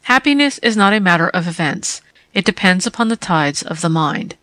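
A woman reading a literary essay aloud in a calm, deliberate way. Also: lowish voice, dry recording. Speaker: reader.

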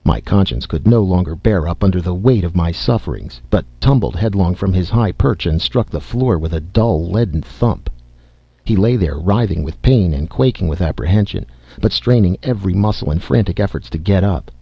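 A man narrating a story in a measured, dramatic reading style, in a slightly dull lo-fi recording. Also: low-pitched, animated, vocal fry, slightly rough, dry recording.

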